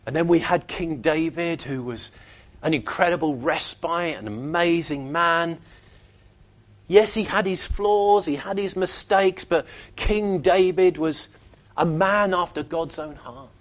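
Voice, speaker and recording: A man preaching a sermon, emphatic and animated, often acting out the voices of other people. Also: on the high side, measured pace.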